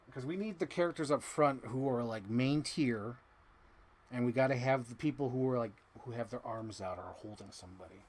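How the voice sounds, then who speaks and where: A man casually chatting on a live stream, rambling and talking to himself while he arranges things. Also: medium pitch.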